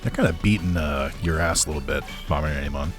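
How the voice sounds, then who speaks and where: Over music, a man with a rumbling low voice talks fast while streaming a game. His casual chat is a sarcastic rant laced with plenty of swearing and frequent laughter.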